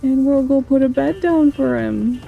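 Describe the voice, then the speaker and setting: A woman's voice: high-pitched, unhurried, gravelly, narrow, tinny audio, soft background music. A woman hosting a gameplay video, chatting casually and thinking aloud as she plays.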